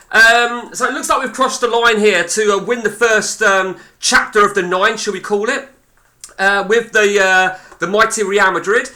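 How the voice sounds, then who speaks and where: A man's voice: high-pitched, sharp tone. A man streaming live, giving blunt, sweary, rambling commentary on a football management game.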